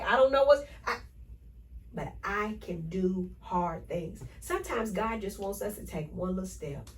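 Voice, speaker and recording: A woman hosting a motivational podcast, talking in an energetic, preachy way and repeating affirmations to her listeners. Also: medium pitch, a little slow, recorded from a distance, a little hiss or hum, rough recording. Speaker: podcast host.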